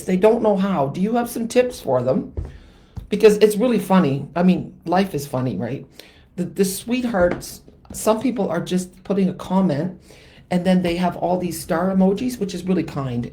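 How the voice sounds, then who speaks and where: A woman's voice: on the low side, a little mellow. A woman hosting a live card-stamping tutorial, chatting with viewers and teasing herself about her mistakes as she works. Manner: chatty and self-deprecating, greets live commenters. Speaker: stamping demonstrator and channel host.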